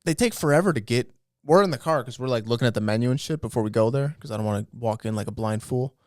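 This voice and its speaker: A man's voice: medium pitch, fast talker, a little mellow, dry recording, clean studio sound. A man co-hosting a comedy podcast, telling profane, ranting stories in casual chat. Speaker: podcast co-host.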